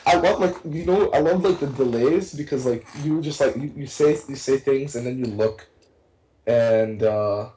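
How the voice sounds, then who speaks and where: Young male co-caster, casual and rambling, full of fillers, excitable. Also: mid-range voice, normal speed, rough recording. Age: young adult. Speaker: tournament co-caster. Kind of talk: casual esports casting.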